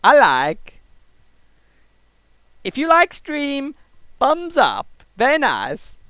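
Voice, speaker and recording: A man doing a Borat impression: a cheerful foreign male reporter with a put-on accent, drawn-out broken-English catchphrases. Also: very high voice, huge pitch swings, sharp tone, dry recording, voice pushed up, heavily acted. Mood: goofy. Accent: put-on Kazakh-style Borat accent.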